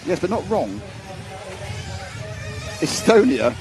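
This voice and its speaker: Lively joking British man. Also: on the high side, slow. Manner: chatty, joking, laughs often. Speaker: livestream co-host. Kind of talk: casual commentary chat. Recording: music playing under the voices.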